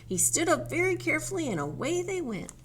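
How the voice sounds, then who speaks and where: A woman, a library storyteller, reading a picture book aloud to children in an animated way and inviting them to join in. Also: high voice, brisk, slight background noise. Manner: animated, sing-song, coaxing children to join in.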